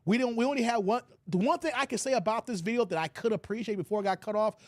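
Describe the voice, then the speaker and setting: A man's voice: sits high, quick pace, no room sound, clean studio sound. A man hosting his own channel, giving blunt, preachy livestream commentary. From United States. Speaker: channel host.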